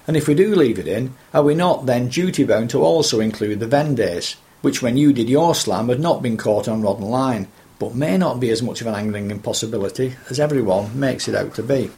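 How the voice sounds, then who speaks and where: A man interviewing a fellow angler, speaking in measured, articulate, full sentences. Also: medium pitch, warm tone.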